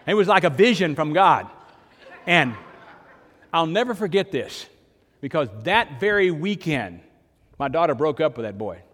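A man's voice: fairly high pitch, very animated, a little slow, fairly bright tone, big-room sound. An older man, preaching a sermon in a conversational storytelling way, with sudden emphatic rises. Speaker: pastor.

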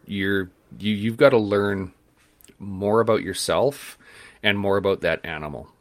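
A man's voice: on the low side, a little slow, no room sound. A man, co-hosting a podcast interview, telling a story and acting out the voices of the people in it. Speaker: podcast co-host.

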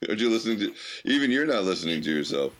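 Deep voiced american guy hosting a podcast, jokey, laughs a lot. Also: very animated, racing, a bit bright. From United States. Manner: joking, laughs often. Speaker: podcast host. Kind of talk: casual banter.

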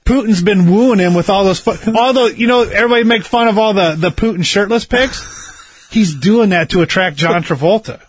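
A man's voice: high voice, moderate pace, breathy edge, dry recording, studio quality. A man in casual chat, rambling through a conspiracy story with heavy swearing and insisting he is right. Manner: insistent, argumentative.

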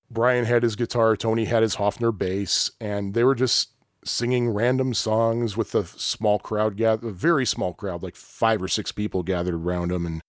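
Here the man's lowish voice comes through a dry, clean studio recording as he rambles through a long story in casual chat. He's animated, breaks into laughter often, and acts out quoted lines.

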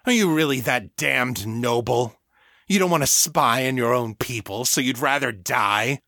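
A crude, domineering vampire master snarls threats and curses at his victim, as a narrator puts him on. His delivery is forceful and bright, pushing hard on every insult. The recording is close and dry. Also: medium pitch, measured pace, no echo. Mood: contemptuous. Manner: snarling, profane, bullying. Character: brutal male vampire sire, crude and domineering.

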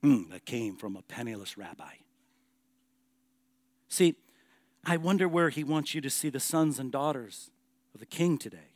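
A man preaching a sermon as a pastor, emphatic, moving between hushed and loud passages. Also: mid-range voice, expressive, moderate pace, long pauses, no room sound.

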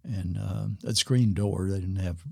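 An older man telling a story in an unhurried way, with a gravelly, husky low voice and a dry sound close to the mic. He acts out the quoted lines of the people he describes. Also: steady tone, no echo. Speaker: guest, former missionary pastor. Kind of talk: storytelling in a podcast interview.

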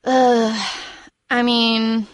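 A woman in casual film-discussion talk, animated and rambling, laughing often. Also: a little high, very slow, no room sound, studio quality. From United States. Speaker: podcast co-host.

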